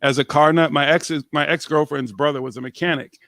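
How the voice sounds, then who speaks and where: A man in a casual chat, telling stories in an animated way and laughing as he talks. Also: on the high side, fast talker, creaky, dry recording.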